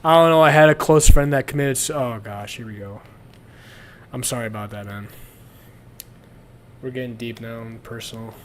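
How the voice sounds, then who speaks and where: A man's voice: medium pitch, moderate pace, pauses often, a little hiss or hum. A young man chatting casually on a livestream, crude and rambling, often breaking into laughter. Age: young adult. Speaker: streamer.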